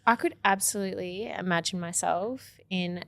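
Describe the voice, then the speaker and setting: Low-voiced woman hosting a podcast. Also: moderate pace, gravelly, a bit bright, no room sound. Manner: friendly, curious, laughs easily. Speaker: podcast host. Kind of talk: casual podcast interview.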